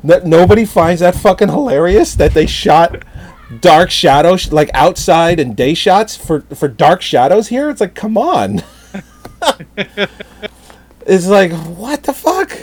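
Animated man ranting with a lively voice. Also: sits high, measured pace. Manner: animated, exasperated, swears often, laughs at own story. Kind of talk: casual chat, storytelling rant.

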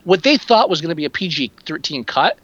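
A podcast co-host chats casually about films, rambling animatedly and acting out quotes as he goes. His voice is a little high and brisk, with no room sound, on a dull lo-fi recording.

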